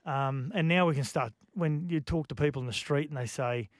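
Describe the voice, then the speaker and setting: A man, a radio guest, talking in a halting, reflective way with many restarts. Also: fairly high pitch, no room sound, studio quality. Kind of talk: casual radio chat.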